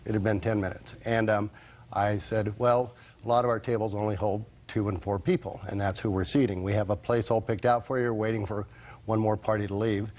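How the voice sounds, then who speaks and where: Hesitant low-voiced male witness. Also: flat delivery, a little fast, a little mellow. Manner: hesitant, many fillers. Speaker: restaurant manager, witness. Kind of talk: courtroom testimony.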